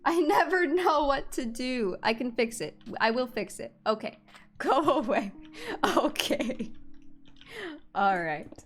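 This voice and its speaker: A young woman streaming a game and chatting casually with her viewers, her voice high and lively as it swoops up and down. She talks slowly and giggles often, with faint music playing underneath. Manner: chatty and giggly, talking to chat. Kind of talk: casual live-stream chat while gaming.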